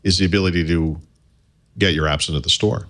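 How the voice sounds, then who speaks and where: Very deep-voiced man co-hosting a podcast. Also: steady tone, a bit bright. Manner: explanatory, measured. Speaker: podcast co-host. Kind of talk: casual tech podcast chat.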